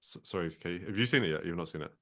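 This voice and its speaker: A man co-hosting a film podcast, talking in a calm, measured way. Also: deep voice. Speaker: podcast co-host. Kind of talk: casual film chat.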